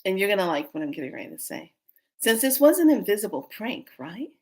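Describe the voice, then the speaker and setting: A woman vlogger telling a story in a casual way, animated and often breaking into laughter. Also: mid-range voice, quick pace.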